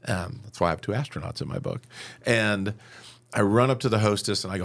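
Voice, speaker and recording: This fifties-aged podcast guest from upstate New York has a fairly low, gravelly voice and talks a little fast. He's an animated storyteller, recounting personal tales and performing the things people said.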